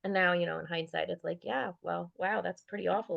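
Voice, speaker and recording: A woman's voice: on the low side, fairly even intonation, brisk, vocal fry, few pauses, muffled recording. A woman giving a candid personal testimony in a raw, blunt and profane way, with bitter sarcasm. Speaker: guest sharing her survivor story.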